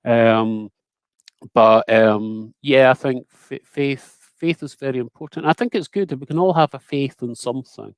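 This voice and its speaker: A Scottish man speaking as a guest on a video call, talking casually and haltingly, often repeating his words. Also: medium pitch, no echo. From Scotland. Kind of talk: casual conversation.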